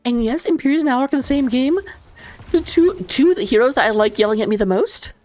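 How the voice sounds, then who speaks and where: A woman casting a live video game match as commentator, playful and jokey, her voice jumping up with sudden excitement. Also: high-pitched, a little fast. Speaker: esports caster.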